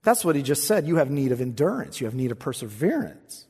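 A pastor preaching an expository sermon in a church, swinging between emphatic lines and hushed asides and asking rhetorical questions. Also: male voice, mid-range voice, big pitch swings, fast, slightly rough, long reverb tail. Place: church sanctuary.

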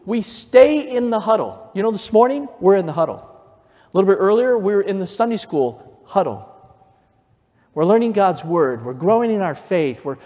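A male pastor preaching a sermon, telling stories and building from quiet to fervent emphasis. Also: sits high, expressive, moderate pace. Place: church sanctuary. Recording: long reverb of a church hall.

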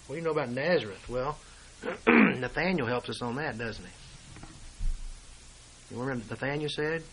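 A man preaching a sermon, reading and explaining scripture verse by verse and swinging between hushed asides and loud declarations. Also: mid-range voice, normal speed, vocal fry, a little hiss or hum, low-quality recording.

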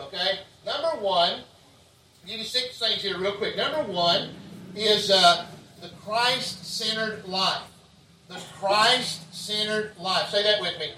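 A man preaching at a tent revival in a high, bright voice, folksy and repetitive, calling on the crowd to say lines back to him. The sound is echoey and picked up from a distance, with faint ambient noise behind it. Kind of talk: revival sermon.

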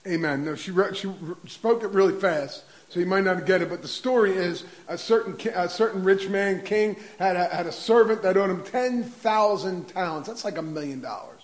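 A man's voice: sits high, poor audio. A male preacher giving an impassioned sermon, retelling a parable and pressing his point with repetition. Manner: impassioned, builds to near-shouting with quick repetitions.

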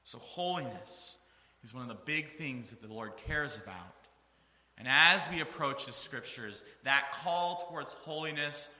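A man's voice: mid-range voice, measured pace, pushed and bright, echoey room, in a large hall. A man preaching a sermon, reading scripture aloud with earnest, rising emphasis.

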